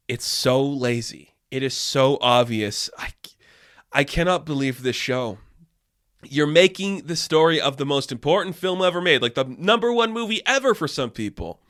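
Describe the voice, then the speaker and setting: A man's voice: mid-range voice, expressive, moderate pace, sharp tone. A man giving a casual review, exasperated, sarcastic and swearing often. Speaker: video reviewer.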